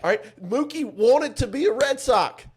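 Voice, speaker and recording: A man's voice: extremely high pitch, lively intonation, normal speed, slightly rough. A man co-hosting a casual sports podcast, talking emphatically and swearing freely as he argues his point. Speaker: podcast co-host.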